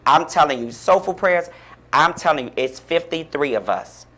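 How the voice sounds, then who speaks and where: A man's voice: on the high side, expressive, normal speed, bright, forceful tone. A man guest on a radio talk show, speaking in a fervent, encouraging, preacherly way about faith and support. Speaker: guest, author and pastor-like speaker. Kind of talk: radio interview, inspirational talk. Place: radio studio.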